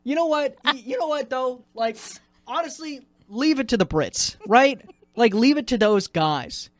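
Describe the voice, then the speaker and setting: A man's voice: extremely high pitch, expressive, a little slow, dry recording. Joking man teasing in dry studio chat. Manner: joking, teasing, lots of "like" and restarts. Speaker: radio news director, podcast co-host. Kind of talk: casual chat.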